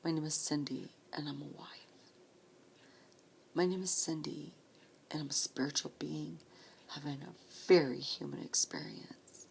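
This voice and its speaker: A woman in her late forties speaking slowly and softly in a personal vlog, often close to a whisper, holding back tears. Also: sits low, steady tone, gravelly, slight background noise. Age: 40s. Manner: slow, soft-spoken, often near a whisper, earnest. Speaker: vlogger.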